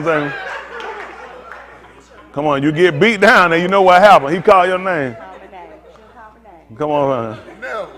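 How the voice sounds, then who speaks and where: A man's voice: fairly high pitch, fairly bright tone. A man preaching as a pastor, coaxing and teasing volunteers from the congregation in a playful way.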